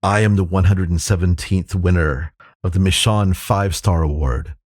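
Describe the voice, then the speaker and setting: A man voicing a stout, pompous master chef who speaks in slow, grand proclamations. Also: deep voice, dry recording, clean studio sound. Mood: awed.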